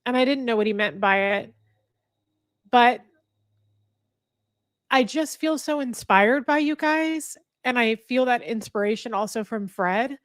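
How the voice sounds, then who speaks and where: Earnest halting woman streamer. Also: a little high, dry recording, clean studio sound. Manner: halting, earnest, restarts often. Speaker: livestream host. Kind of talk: candid emotional talk to viewers. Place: indoor room with a fire.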